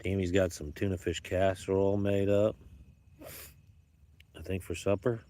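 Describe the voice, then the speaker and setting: A man's voice: sits low, flat delivery, normal speed, warm tone. Playful rambling man vlogging outdoors. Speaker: YouTube vlogger. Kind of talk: casual joking vlog talk. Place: outdoors at dusk with dogs around.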